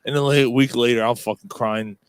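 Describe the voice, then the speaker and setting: A man's voice: mid-range voice, steady tone, brisk, clear, resonant tone. A man hosting a podcast, telling a rowdy story in casual chat, swearing constantly and laughing as he goes. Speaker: podcast host.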